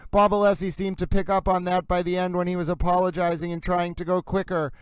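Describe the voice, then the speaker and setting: A man's voice: high voice, flat delivery, quick pace, smooth, no echo, rough recording. A man hosting a live stream, commenting in a theatrical, mock-grandiose way. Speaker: livestream host.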